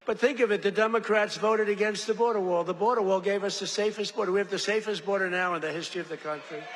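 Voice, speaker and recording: Talking fast in a high, fairly bright voice, an older man boasts and rambles through a rally speech at a podium, mocking others and performing quotes along the way. The large venue makes the recording reverberant, with faint ambience and slight background noise.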